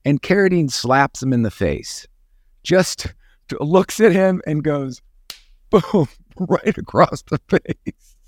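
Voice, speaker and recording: A man co-hosting a casual chat, telling anecdotes in an animated storytelling manner. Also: fairly high pitch, slow pace, dry recording, clean studio sound. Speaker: podcast co-host.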